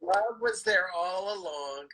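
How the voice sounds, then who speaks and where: Woman host, bright voice, teasing running commentary on a film. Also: on the low side, animated, takes it slowly, rough recording. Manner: teasing, urging the characters on. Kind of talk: commentary while watching a film.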